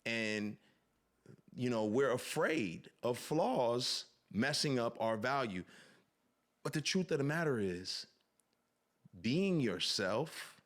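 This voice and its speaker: A man in a mid-pitched voice tells personal stories on a podcast. He speaks earnestly and reflectively and grows animated as he retells scenes. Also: takes it slowly, long pauses. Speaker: podcast guest. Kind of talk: reflective storytelling.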